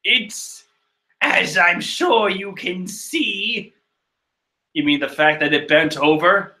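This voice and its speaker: A man reading through a manga chapter in casual, rambling commentary, excitable and profane, laughing and trailing off as he goes. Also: high voice, slow. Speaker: manga chapter reader and reactor.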